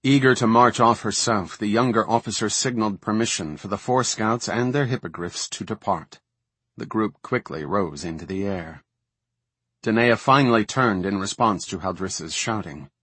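A man reading a fantasy novel aloud as an audiobook narrator, in a measured, even storytelling manner. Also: fairly low pitch, breathy edge, dry recording.

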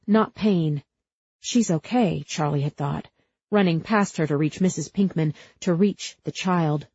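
Low, husky woman narrating an audiobook. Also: warm tone, no echo, lo-fi sound. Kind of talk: scripted narration.

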